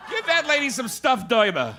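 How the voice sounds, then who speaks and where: A man's voice: very high voice, huge pitch swings, normal speed, sharp tone, a little hiss or hum. A man doing live stand-up in a comedy club, telling old-school jokes and firing back at hecklers. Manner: old-school joke teller, banters with hecklers. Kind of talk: live stand-up with crowd work.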